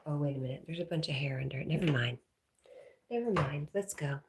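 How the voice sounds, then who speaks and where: A woman hosting a casual livestream, reading viewer comments aloud, talking to her dog and often dropping to a soft whisper. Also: sits low, fairly quick, background noise. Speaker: livestream host.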